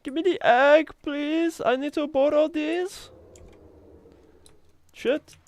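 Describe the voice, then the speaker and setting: A man voicing a jolly German male cook in a high, slow, drawn-out mock-German accent, pleading and polite. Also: fairly even intonation, a little mellow, no echo, exaggerated voice.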